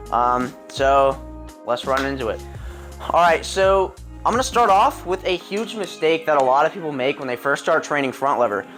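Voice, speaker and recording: Young male coach, voice a bit high, loose rambling delivery full of ums, soft music behind. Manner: rambling, many ums and throat clears. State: a little out of breath. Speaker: calisthenics coach. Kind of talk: casual fitness tutorial. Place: home with a pull-up bar.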